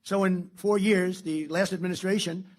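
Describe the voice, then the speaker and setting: A man's voice: sits high, fairly even intonation, normal speed, slight background noise. A man giving a public political speech in a rambling, boastful way, often repeating himself.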